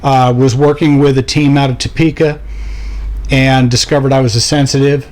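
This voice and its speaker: A man's voice: medium pitch, little pitch movement, normal speed, darkish tone. Easygoing joking man on a couch. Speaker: guest. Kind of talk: casual chat. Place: studio couch.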